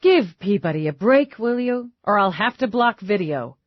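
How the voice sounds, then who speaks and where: A woman's voice: mid-range voice, lively intonation, moderate pace, no echo, muffled recording, lightly acted. A woman narrator voicing a tough, blunt police lieutenant who speaks brusquely and commandingly. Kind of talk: audiobook narration.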